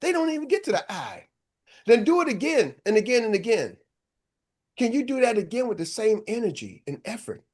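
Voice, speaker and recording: An older man coaching a live seminar, talking in a punchy, energetic way and throwing rhetorical questions to the audience. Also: high voice, moderate pace, husky. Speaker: business coach.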